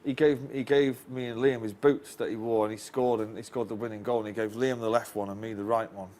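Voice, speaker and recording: A man's voice: lowish voice, fairly even intonation, a little fast, warm tone. A man with a Northern English accent, a guest casually telling a long anecdote, rambling and restarting his lines. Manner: rambling storyteller, chuckles often, restarts lines. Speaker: interview guest.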